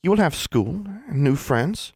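A man voicing a gentle, reassuring teenage girl. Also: fairly high pitch, big pitch swings, a little slow, husky, no echo, clean studio sound, pitched above the performer's own voice, exaggerated voice.

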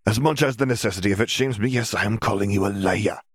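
A stern elderly father, measured and clipped, turning weary, as a man reads him. The voice stays low and deep, close to the reader's own. The recording is dry with no room sound. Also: husky, dry recording.

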